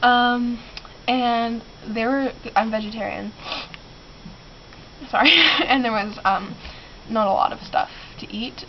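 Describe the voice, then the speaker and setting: A woman's voice: fairly high pitch, fairly even intonation, takes it slowly, pauses often. A teenage girl who is sick, rambling and giggling through a casual vlog from her bedroom, with many ums. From Canada. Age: teens. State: sick, clearing her throat. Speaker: vlogger. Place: bedroom in a basement. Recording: muffled lo-fi with clear background noise.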